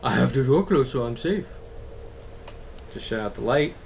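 Let's-play commentator, frustrated, cursing, shouting at the game, mid pitch, background noise. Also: lively intonation, normal speed, gravelly. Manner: frustrated, swearing, yelling at the game. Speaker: gaming channel host.

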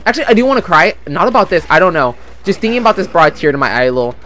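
A man's voice: a little high, very animated, rapid-fire, fairly bright tone. Young man ranting over gameplay. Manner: rambling, frustrated, swears often. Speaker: gaming channel host. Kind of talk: casual gameplay commentary. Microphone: desktop USB microphone.

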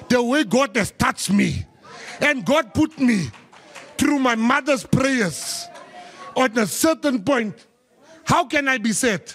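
Slow-talking South African man giving a speech. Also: very high voice, a bit bright. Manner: joking anecdotes with quoted asides, emphatic. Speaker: government minister. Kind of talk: humorous public speech.

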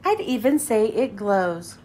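A woman voicing a proud, amazed father reindeer in a storybook reading, with warm exclamations. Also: medium pitch, sing-song, slow pace, slight background noise, pitched below the performer's own voice.

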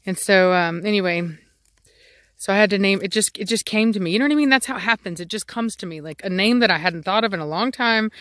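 Casual woman, mid pitch, dry close audio, rambling vlog chat about her dogs. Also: fast, fairly bright tone, no room sound. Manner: rambling, chatty, many fillers and restarts. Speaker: dog breeder. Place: outdoors in a yard with dogs.

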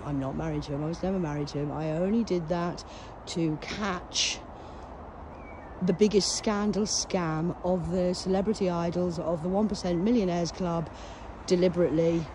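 A woman talks to her phone camera outdoors at a cemetery, and her voice is hoarse, with coughs breaking in. She rambles in a loud, profane and agitated way, jumping from one topic to the next. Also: lowish voice, slight background noise. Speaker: vlogger.

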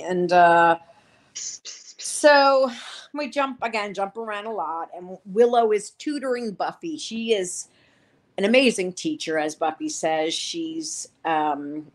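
Woman casually recapping episodes, low voice. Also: takes it slowly. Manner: rambling retelling with many fillers and quoted lines. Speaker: podcast co-host reviewing a TV series.

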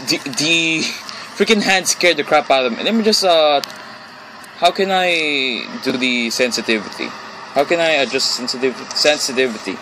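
A man with a fairly high voice plays a horror game alone in his room as a let's-play gamer, and his commentary is jumpy and nervous, full of repetition and exclamations. The background is noisy.

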